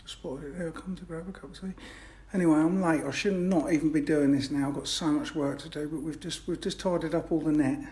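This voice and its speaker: A man's voice: fairly high pitch, fairly even intonation, brisk, few pauses, darkish tone. A man with an English accent, chatting casually on a live stream outdoors by a fishing lake. He rambles and interrupts himself. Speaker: fishery owner streaming live.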